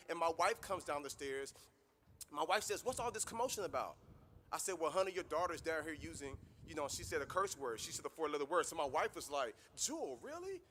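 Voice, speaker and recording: Guy giving a pep-talk grad speech, high bright voice, storytelling that swells into preacher mode. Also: slight background noise. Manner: storytelling, building to impassioned preaching cadence. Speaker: graduation guest speaker. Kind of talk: motivational speech. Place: graduation ceremony venue.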